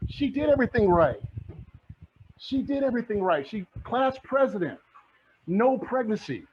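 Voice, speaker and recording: A middle-aged real estate mentor with a very high voice and lively intonation speaks at a moderate pace in a motivational presentation. Fired up, he repeats his points like a preacher, heard through muffled lo-fi audio with slight background noise.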